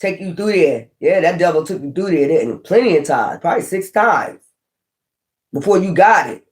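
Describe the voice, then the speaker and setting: A high-pitched man reads tarot in a loose, conversational way. He preaches and swears, circling back to the same phrases again and again. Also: expressive, normal speed. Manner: preachy, profane, repeats catchphrases. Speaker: tarot reader. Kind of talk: casual spoken tarot reading.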